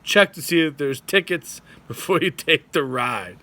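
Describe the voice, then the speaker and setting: A man telling a funny personal running story in a vlog, animated, cursing freely and acting out the quotes. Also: a little high, measured pace. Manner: animated, swearing, voices his wife and himself in quotes. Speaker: vlogger. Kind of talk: comic storytelling.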